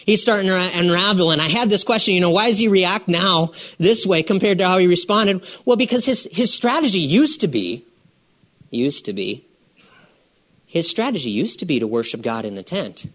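A man preaching a sermon in a lively, conversational way, asking the congregation questions and repeating phrases for emphasis. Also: high voice, moderate pace.

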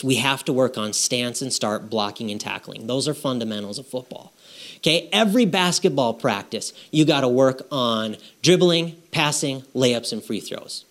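Conversational preacher, man, mid-pitched. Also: a bit bright. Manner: conversational preaching, frequent "right?" and "okay?" checks. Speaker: pastor. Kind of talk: sermon.

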